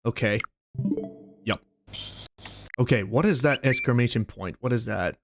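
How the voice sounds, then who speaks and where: A man's voice: mid-range voice, unhurried, slight background noise. Male streamer, casual voice-chat banter, rambling, restarts mid-sentence, grumbles. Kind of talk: casual chat while gaming.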